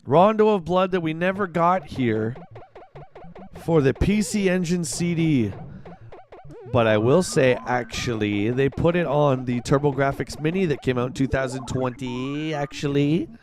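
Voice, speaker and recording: A man giving excitable live commentary while playing a game, yelling and groaning at it. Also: a little high, unhurried, faint music behind. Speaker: livestreamer.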